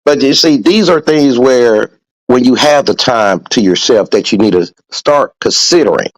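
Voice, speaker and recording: A man's voice: mid-range voice, animated, moderate pace, dry recording, poor audio. Profane, emphatic male podcast host. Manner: profane, preachy, emphatic with repetition. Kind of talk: casual motivational podcast talk.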